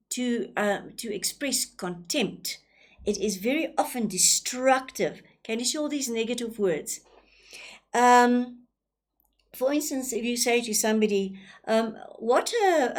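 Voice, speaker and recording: A woman's voice: medium pitch, darkish tone. A woman teacher with a South African English accent, explaining a lesson with many ums and repeated words, often asking rhetorical questions.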